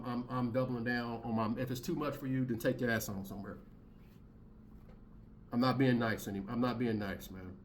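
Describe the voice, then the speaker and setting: A man's voice: medium pitch, fairly bright tone, a little hiss or hum. A man in his thirties hosting his own commentary channel, talking in a blunt, heated, slangy rant and repeating his points.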